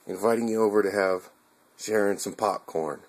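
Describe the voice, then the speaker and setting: Deep-voiced man, earnest rambling vlog. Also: normal speed, vocal fry. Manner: rambling, earnest, with casual swearing and restarts. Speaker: video blogger. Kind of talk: casual heartfelt address to viewers.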